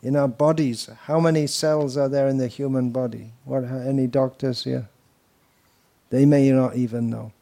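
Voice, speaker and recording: A man's voice: mid-range voice, fairly even intonation, moderate pace, gravelly, warm tone. Man giving a rambling devotional lecture. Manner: wandering, anecdotal, with mocking asides. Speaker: spiritual teacher.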